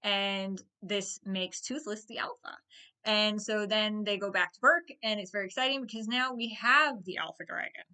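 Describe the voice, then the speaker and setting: A chatty woman retelling a film's plot with a bright, clear tone. She talks casually and expressively, jumping into characters' lines as she goes. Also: medium pitch, moderate pace. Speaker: movie vlogger. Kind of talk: casual movie recap.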